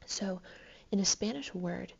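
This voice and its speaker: A woman's voice: mid-range voice, measured pace, creaky, breathy edge, muffled recording. A woman teaching a recorded Spanish lesson to her students, patient and explanatory, counting syllables aloud.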